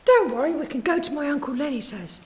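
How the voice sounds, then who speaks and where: A woman's voice: high voice, lively intonation, quick pace, darkish tone, voice pushed up. A woman voicing a cheeky young male art forger who talks in a breezy, reassuring way.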